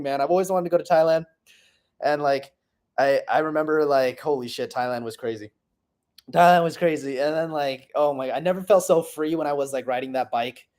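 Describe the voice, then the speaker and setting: A man's voice: fairly high pitch, darkish tone. A man in his late twenties, rambling casually and profanely through a personal reflection on his past year, often trailing off. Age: 20s. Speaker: vlogger.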